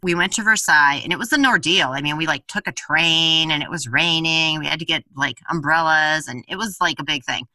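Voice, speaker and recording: A woman host casually telling a funny travel story, animated and laughing, with many filler words and frequent swearing. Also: sits low, brisk, hardly any pauses, no room sound, distant mic.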